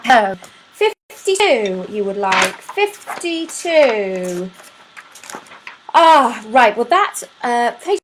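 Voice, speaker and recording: A woman's voice: fairly high pitch, expressive, slow pace, few pauses, fairly bright tone, slight background noise, rough recording. A woman hosting a live stream at home, chatting to viewers by name and reading poems aloud with playful emphasis. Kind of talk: casual chat and poetry reading.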